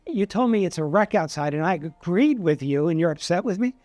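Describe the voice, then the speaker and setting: A man's voice: high voice, expressive, a little fast, darkish tone, dry recording. A man voicing a baffled husband who defends himself and stammers when he feels hurt in an argument with his wife. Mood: defensive.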